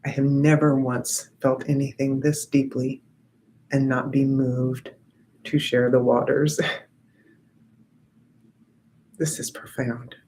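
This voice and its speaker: A woman guiding a group contemplation, speaking in a soothing, repetitive way with gentle affirmations. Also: a bass voice, flat delivery, a little slow, slight background noise, rough recording. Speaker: sound healing facilitator. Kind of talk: guided contemplation.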